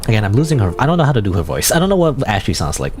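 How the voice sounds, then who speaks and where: A man with a naturally deep voice rambling self-deprecatingly through casual gaming commentary. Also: big pitch swings, rapid-fire, darkish tone, a little hiss or hum. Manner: rambling, self-deprecating, lots of fillers and laughs. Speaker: gaming streamer. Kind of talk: casual let's-play commentary.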